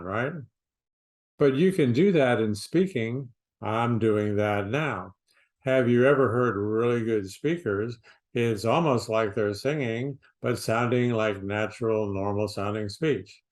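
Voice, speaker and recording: A middle-aged man who is a stuttering specialist, teaching straight to camera in slow, deliberate short phrases with pauses between them. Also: mid-range voice, a little mellow. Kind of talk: direct-to-camera speech therapy lesson.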